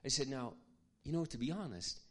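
A man preaching, telling a personal story in an earnest, confiding way that often drops to a hush. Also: medium pitch, expressive, a little fast. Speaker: pastor. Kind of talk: sermon storytelling.

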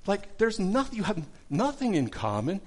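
A man's voice: high-pitched, wildly swooping pitch, normal speed, voice pushed up, full character voice. A man doing an exasperated marriage counselor. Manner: incredulous, pleading.

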